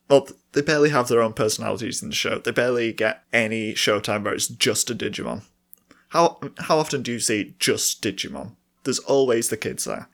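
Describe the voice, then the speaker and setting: A man's voice: medium pitch, fairly bright tone. A man with a dry, sore throat, co-hosting a podcast and rambling in a self-mocking way while laughing often. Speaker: podcast co-host. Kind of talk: rambling solo chat between sung takes.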